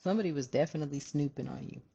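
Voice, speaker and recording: A woman's voice: sits low, very fast, vocal fry, dark tone, breathy edge. A woman giving a casual tarot reading to her viewers, chatty and rambling, often breaking into laughter. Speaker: tarot reader. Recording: dull lo-fi sound.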